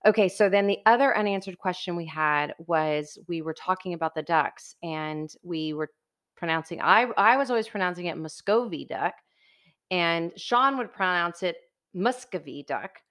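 A woman's voice: fairly low pitch, moderate pace, fairly bright tone. A woman, hosting a casual dinner-table chat in a chatty, rambling way that breaks into laughter. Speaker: podcast host.

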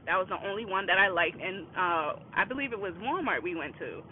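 A young woman casually telling a funny childhood story, animated and slangy, laughing often. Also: lowish voice, brisk. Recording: tinny phone-quality audio with car noise.

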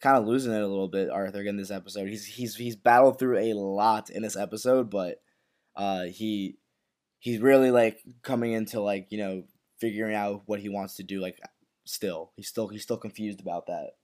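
A man's voice: on the low side, steady tone, moderate pace, darkish tone. A man co-hosting a podcast, chatting casually in loose sentences full of "like" and restarts. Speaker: podcast co-host. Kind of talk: casual recap chat.

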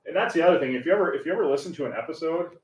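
A man's voice: a little high, expressive, racing, echoey room, recorded from a distance, rough recording. A man in his forties co-hosting a podcast, joking in casual chat with crude, self-mocking banter. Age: 40s. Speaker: podcast co-host.

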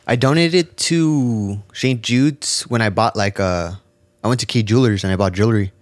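A man co-hosting a podcast, telling stories in a relaxed, profane casual chat. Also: on the low side, normal speed, no room sound. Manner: laid-back, swears a lot, tells stories. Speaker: podcast co-host.

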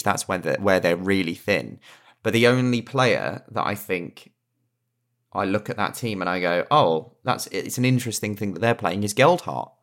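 A man's voice: lowish voice, a bit bright. A man co-hosting a casual football podcast, making matter-of-fact points and throwing in short, dry interjections.

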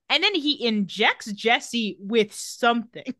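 Lively-voiced woman recapping with wry asides. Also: medium pitch, moderate pace, no room sound, clean studio sound. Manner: laughs often, narrates scenes with wry asides. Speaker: podcast co-host recapping a TV episode. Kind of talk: casual chat.

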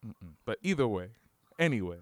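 A man's voice: fairly low pitch, very animated, normal speed, dry recording. A man co-hosting a podcast in casual, joking chat, often restarting his sentences. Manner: playful, joking, full of restarts. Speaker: podcast co-host.

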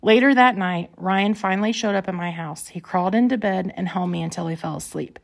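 A woman's voice: mid-range voice, vocal fry. Earnest woman reading her memoir. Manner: earnest, unhurried, emotional retelling. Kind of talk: first-person memoir reading.

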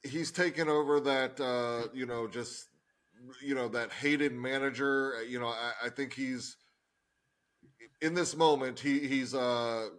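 A man co-hosting a wrestling podcast, talking quietly and haltingly with many fillers. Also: medium pitch, fairly even intonation. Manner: soft-spoken, hesitant, lots of fillers. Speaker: podcast co-host. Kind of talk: casual wrestling review chat.

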